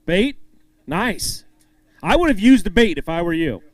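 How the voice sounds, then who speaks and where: With a high voice, big pitch swings, and a measured pace on a dry recording, this male emcee runs a fishing tournament weigh-in. He brings anglers up, reads their weights, and jokes with each while hyping them enthusiastically.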